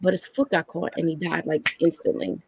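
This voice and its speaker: A woman's voice: sits low, fairly quick, creaky, breathy edge, no echo, rough recording. A woman in her thirties, candidly telling a personal story as a podcast guest and acting out the lines people said to her. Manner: candid, animated storytelling that acts out quoted lines.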